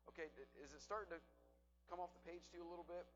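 A man's voice: high-pitched, fairly even intonation, racing, a bit bright, dull audio, soft background music. A man teaching a Bible study to a group, asking them questions and repeating back their answers.

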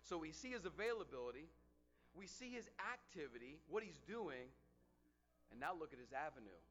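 A man preaching a sermon as pastor, earnest and animated, slowing down to stress key words. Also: fairly high pitch, muffled recording.

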